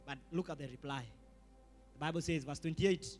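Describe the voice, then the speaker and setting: A Kenyan pastor preaching a sermon with animated delivery, switching between English and Swahili slang and rising to shouts. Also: on the high side, moderate pace, faint music behind.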